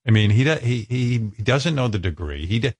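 A man hosting a radio talk show, blunt and halting, often restarting his sentences. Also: medium pitch, animated, darkish tone, no echo. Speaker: radio host.

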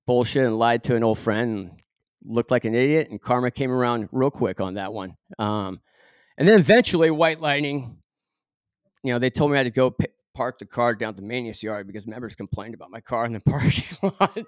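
A man's voice: medium pitch, a little fast, no echo, studio quality. A middle-aged man from Southern California, a podcast guest telling a story with many fillers and acted-out quotes. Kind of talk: storytelling in an interview.

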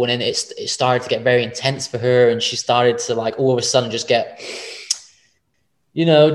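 A man in mid-range pitch, spinning a long personal anecdote as a podcast guest. He rambles, swears freely and keeps restarting his sentences. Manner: rambling, frequent swearing and self-corrections. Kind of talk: casual personal storytelling.

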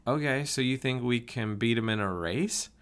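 A man reading the lines of his sarcastic young male friend in a first-person story, a little higher and drier than his narration. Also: moderate pace, fairly bright tone, clear, resonant tone, lightly acted. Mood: questioning. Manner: dry, sarcastic questioning. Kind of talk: audiobook character voice.

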